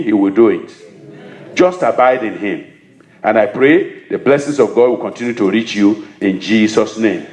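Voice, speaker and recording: Guy preaching a sermon, kinda high voice, asks the crowd stuff then answers it, roomy echo. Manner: preaching with questions and answers to the congregation. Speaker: pastor.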